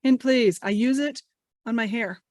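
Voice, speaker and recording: A woman's voice: fairly high pitch, unhurried, darkish tone, dry recording, studio quality. A woman teaching English over a video call, playfully leading a guessing game. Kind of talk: online teaching session. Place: home office.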